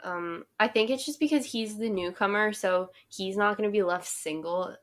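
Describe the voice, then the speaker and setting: A woman's voice: medium pitch, normal speed. A young woman co-hosting a podcast, chatting casually and wryly, laughing at her own jokes. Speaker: podcast co-host. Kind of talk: casual chat recapping a reality show.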